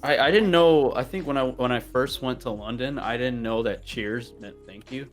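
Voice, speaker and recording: Relaxed man telling an anecdote. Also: medium pitch, moderate pace, soft background music. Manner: relaxed storytelling with many restarts. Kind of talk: casual chat.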